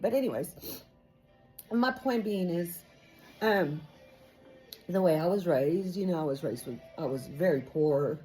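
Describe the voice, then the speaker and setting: Lady in her 50s, hairdresser rambling at her salon, lowish voice, bit of music playing. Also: measured pace, pauses often, warm tone, rough recording. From Texas. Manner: chatty and rambling, many fillers. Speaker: hairdresser vlogger. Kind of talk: casual chat to camera. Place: hair salon.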